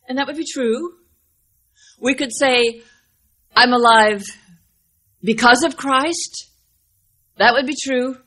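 An older woman preaching a sermon in an earnest, emphatic way, slowing down to stress key words and telling folksy stories with acted-out dialogue. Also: mid-range voice, a bit bright. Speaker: speaker at a women's Bible teaching.

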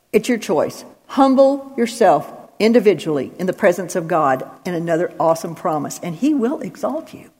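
Woman Bible teacher, emphatic, numbered points, mid-pitched voice, long reverb of a large hall. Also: a little mellow, breathy edge.

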